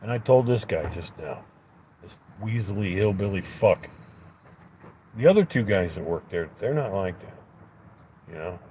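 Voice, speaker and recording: A man's voice: low voice, lively intonation, moderate pace, long pauses, dark tone, a little hiss or hum, rough recording. A man angrily telling a story in a profane rant, acting out both sides of an argument. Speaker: livestreamer. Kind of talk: angry ranting story.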